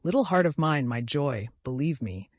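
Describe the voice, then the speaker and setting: A man voicing a gentle, feverish dying young man who talks tenderly and with rapture, in an audiobook. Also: on the high side, expressive, normal speed, no echo, dull audio. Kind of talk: audiobook character voice.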